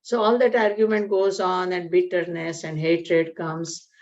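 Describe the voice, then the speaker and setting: A woman leads a scripture study class, explaining terms in an easy conversational way. Her voice sits on the lower side. The recording is dull and lo-fi. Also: flat delivery, measured pace, darkish tone. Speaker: Gita study class teacher. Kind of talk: spiritual lecture with a joke. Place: community class room.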